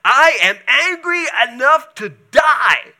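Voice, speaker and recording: A man voicing a sulking, furious male prophet in a sermon, speaking petulantly and bursting out loudly. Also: on the high side, lively intonation, measured pace, creaky, heavily acted.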